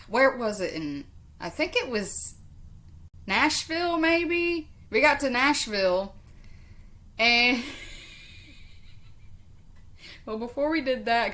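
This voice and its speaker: A chatty woman recounts a story on her vlog in a loose, rambling style. She drifts off on tangents, swears freely and laughs easily, with a voice of ordinary middle pitch. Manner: chatty and expressive, laughs often. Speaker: vlogger. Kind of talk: casual storytelling to camera.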